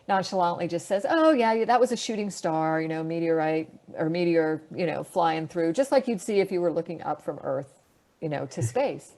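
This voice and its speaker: A middle-aged woman speaks over a video call with a slightly low voice. She tells her stories in a relaxed, animated way, with plenty of fillers and laughter. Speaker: astronaut guest. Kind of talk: casual storytelling answers.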